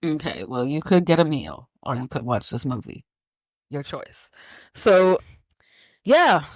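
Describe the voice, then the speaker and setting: A woman's voice: deep voice, sing-song, unhurried, no room sound. A woman hosting a casual podcast, teasing her co-host and laughing often. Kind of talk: casual chat.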